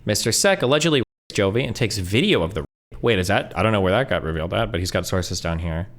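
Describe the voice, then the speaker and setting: A male streamer reading messages aloud quickly, breaking in with blunt asides and swearing. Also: fairly low pitch, animated, fairly bright tone. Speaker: streamer reacting to online posts.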